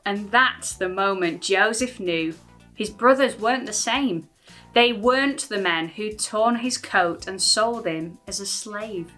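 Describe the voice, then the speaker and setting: English lady doing kids church, bouncy sing-song voice, slow and bright. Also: medium pitch, soft background music. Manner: lively, sing-song storytelling. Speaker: children's ministry presenter. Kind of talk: reading a rhyming bible story to kids.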